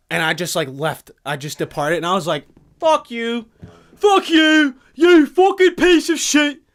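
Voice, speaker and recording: A man's voice: a little high, fairly bright tone. A man of twenty-one telling a rambling, profane story in casual podcast chat, heated and swearing often. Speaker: podcast guest. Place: recording studio.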